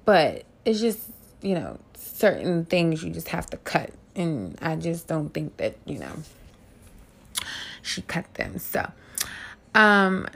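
A woman's voice: deep voice, sing-song, takes it slowly, gravelly, long pauses, a bit bright, breathy edge. Woman, gossip host, casual commentary, candid, swears a lot, laughs often.

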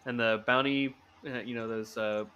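Male podcast host, bright clear voice, animated and quick to laugh, casual chat. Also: mid-range voice, dull audio, a little hiss or hum. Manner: animated, laughs often, restarts and fillers.

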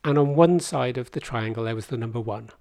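A man's voice: medium pitch, a little fast, vocal fry, darkish tone, no echo. A man in his fifties, a podcast guest telling a long, rambling story with dry humour. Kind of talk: casual conversation.

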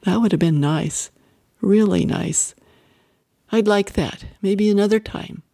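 A man's voice: high voice, slow pace, gravelly, mellow, dry recording, exaggerated voice. Brief: man playing a young hospital patient, teasing, raised light voice, dry sound. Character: young woman in hospital, shy and playful.

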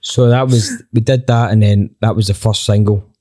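A man, a band member telling a story in a casual chat, animated and full of restarts. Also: fairly low pitch, moderate pace.

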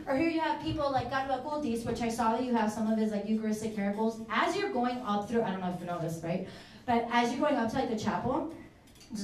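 A woman giving a lively, chatty faith talk to a live audience, often checking in with "right?". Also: fairly high pitch, reverberant, far from the mic, slight background noise. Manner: animated, chatty, many "right?" and "like". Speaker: speaker at a Catholic youth event.

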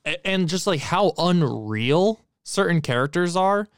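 A man's voice: sits high, lively intonation, a little slow, smooth, dry recording, studio quality. A man co-hosting a podcast, giving a blunt, profane, emphatic movie critique in casual chat. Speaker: podcast co-host.

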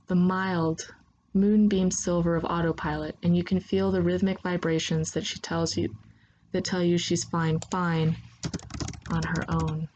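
A woman narrating a second-person story in a steady, unhurried reading voice. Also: on the low side, lo-fi sound.

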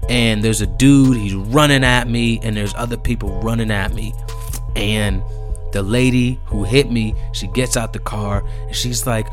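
A young man telling a story casually, animated and profane, repeating himself and growing heated. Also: lowish voice, unhurried, faint music behind.

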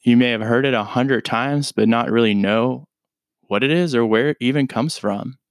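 A man's voice: mid-range voice, moderate pace, no echo, clean studio sound. Laid-back man hosting a teaching podcast. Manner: laid-back, chatty, informal explanations. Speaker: podcast host and English teacher.

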